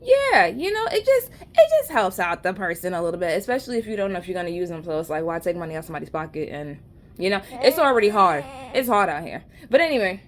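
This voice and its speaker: A woman with a New York accent chats casually to the camera. Her speech is loose and slangy, full of asides and jokes, at a mid-range pitch. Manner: rambling, conversational, slangy and joking. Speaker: vlogger. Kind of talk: casual storytelling chat.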